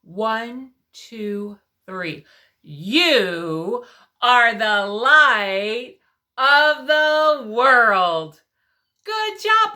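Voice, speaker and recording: A woman preschool teacher leads young children through a Bible story and a verse, her voice bright and fairly high. She talks in an unhurried, sing-song way, coaxing the kids along and often sinking to a soft hush for emphasis.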